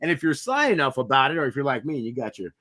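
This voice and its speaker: A man's voice: mid-range voice, big pitch swings, racing, sharp tone. A man co-hosting a podcast, talking in an earnest, reflective way with some mild swearing in a casual motivational chat. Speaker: podcast co-host.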